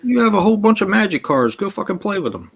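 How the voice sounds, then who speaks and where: A man's voice: sits high, very animated, quick pace, breathy edge. Older-ish guy laughing a lot and cussing, voice jumps all over. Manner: laughs often, swears freely. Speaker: podcast co-host. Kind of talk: casual chat.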